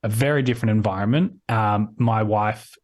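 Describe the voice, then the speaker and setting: A man's voice: on the low side, moderate pace. Rambling Australian man on a video call. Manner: rambling, with many restarts and "like". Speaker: guest. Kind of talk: casual conversational interview.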